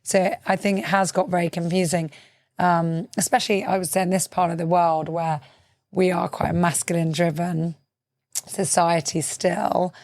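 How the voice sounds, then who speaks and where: A woman hosting a podcast interview, asking thoughtful, gently probing questions with soft "mm-hmm" responses. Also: lowish voice, flat delivery, normal speed, no echo. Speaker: podcast host.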